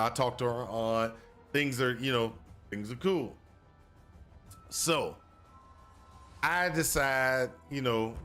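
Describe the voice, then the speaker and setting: A man streaming a video game tells a long personal story in a loose, rambling way, repeating phrases and filling gaps with "you know." His voice is bright and forward, with faint game music underneath. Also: medium pitch. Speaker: gaming streamer. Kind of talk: casual storytelling while gaming.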